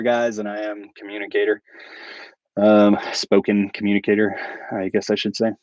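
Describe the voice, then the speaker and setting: A man's voice: fairly low pitch, dry recording, highs cut off. A man hosting a casual livestream and chatting with viewers. He rambles and chuckles at his own jokes. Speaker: channel host.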